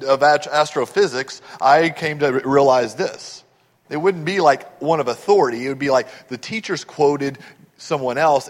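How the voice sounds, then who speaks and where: A man's voice: high voice, fairly bright tone, big-room sound. A man preaching a sermon as pastor, earnestly explaining scripture verse by verse.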